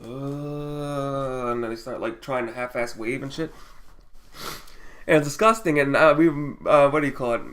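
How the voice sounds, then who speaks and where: A man's voice: medium pitch, brisk, fairly bright tone. Rambling, laughing male vlogger. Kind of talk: casual storytelling.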